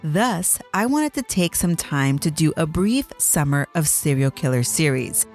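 Low-voiced woman narrating true crime. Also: lively intonation, a little slow, darkish tone, soft background music. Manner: dramatic storyteller with chatty asides. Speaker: true crime podcast host.

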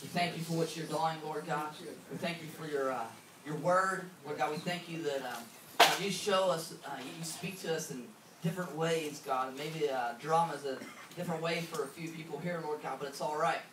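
A male pastor praying and preaching casually, halting with fillers and repeats. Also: on the high side, steady tone, background noise. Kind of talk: sermon with opening prayer. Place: church sanctuary. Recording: echoey church hall from far off, music behind.

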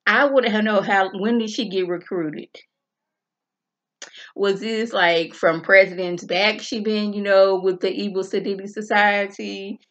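Woman, bright voice, animated, colloquial, casual TV episode recap. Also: mid-range voice, measured pace. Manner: animated, colloquial, acts out characters' lines. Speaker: TV show reviewer.

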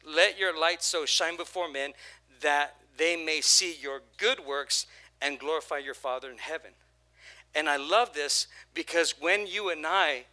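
A man preaching a sermon as pastor, energetic, with repeated phrases and call-and-response, his voice prone to going hoarse. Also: a little high.

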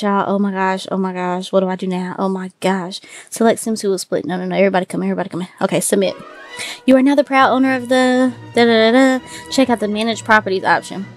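A woman giving casual, excitable let's-play commentary and talking to her viewers. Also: medium pitch. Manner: excitable, chatty, addresses viewers as y'all. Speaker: gaming video host.

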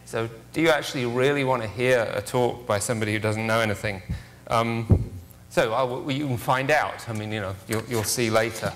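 A man giving a public lecture on stage, self-deprecating and halting, with many fillers and restarts. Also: mid-range voice, fairly bright tone, slight background noise. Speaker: guest speaker. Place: theater stage.

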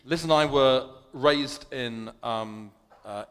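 A man's voice: medium pitch, takes it slowly, fairly bright tone, smooth. A man with a London accent giving a chatty, self-deprecating sermon as a guest preacher. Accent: London English. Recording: long hall reverb.

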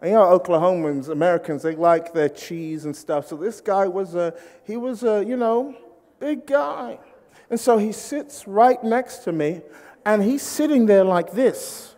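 A British man preaches in British English, spinning funny stories, animatedly voicing the people in them and joking with the congregation. He's from Britain, his voice sits high and his delivery is unhurried, and the recording carries long hall reverb.

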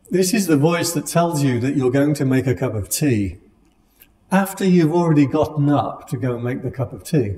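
A meditation teacher gives a calm, conversational dharma talk to his class, his mid-range voice mellow and soft-edged. He has a gently humorous manner, and a long, lingering hall reverb trails his words.

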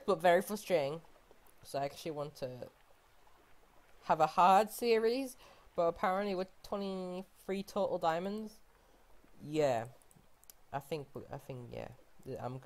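A woman casually commenting on her own game play, excitable, often gasping and exclaiming in disbelief. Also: low voice. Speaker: gaming channel host.

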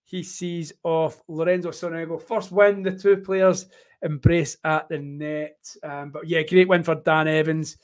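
A man with a strong Scottish accent chats through a live tennis match as host. His voice sits a touch high, and he jokes and rambles, dotting his play-by-play with ums and asides. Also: little pitch movement, unhurried. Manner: chatty and joking, rambling with fillers. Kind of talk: casual live tennis watchalong commentary.

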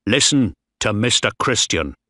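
A man voicing a male sailor who threatens in a quiet voice. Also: fairly low pitch, lively intonation, a little slow, no room sound, clean studio sound, exaggerated voice. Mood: menacing.

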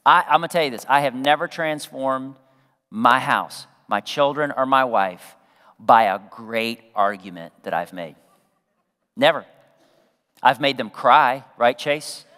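A man preaching a sermon as pastor, talking conversationally to the congregation, throwing in asides and acting out quotes, sometimes dropping to a soft hush. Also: mid-range voice, unhurried, big-room sound. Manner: drops to a soft, hushed voice for quoted prayerful words.

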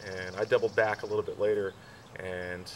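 A man with a low voice tells his story at an unhurried, halting pace, stopping often with fillers and restarts. He sits some way from the mic, and faint outdoor hiss with crickets runs behind him. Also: level tone, recorded from a distance, low-quality recording. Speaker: groom telling proposal story. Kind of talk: casual storytelling.

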